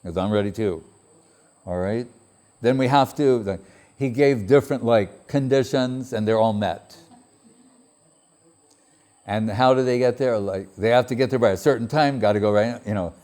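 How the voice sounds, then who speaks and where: A man giving a spiritual talk, telling a story in a lively way, quoting others in a raised voice and laughing often. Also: mid-range voice, moderate pace, long pauses. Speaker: spiritual speaker.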